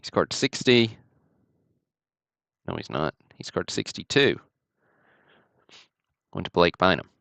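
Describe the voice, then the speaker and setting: A man's voice: low voice, big pitch swings, slow, vocal fry, long pauses, a bit bright, no room sound. A man from Alabama, casually hosting a card-break livestream with easygoing, chatty commentary.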